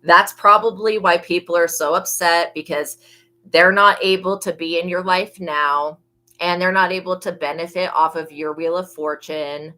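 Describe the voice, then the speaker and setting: A woman's voice: fairly low pitch, fairly even intonation, moderate pace, pushed and bright, poor audio. A young woman giving a casual tarot reading, blunt and gossipy, swearing freely. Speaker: psychic tarot reader.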